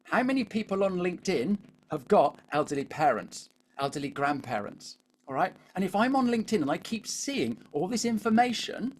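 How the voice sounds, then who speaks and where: A man's voice: high-pitched, big pitch swings, normal speed. Chatty British man coaching a webinar. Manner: chatty, keeps asking the audience "all right?". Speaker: LinkedIn coach. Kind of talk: live webinar coaching talk.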